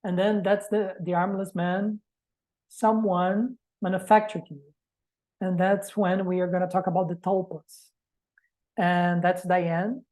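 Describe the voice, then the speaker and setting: A woman's voice: on the low side, little pitch movement, a little slow, darkish tone, poor audio. A woman giving an academic presentation to a reading group, speaking reflectively and posing rhetorical questions.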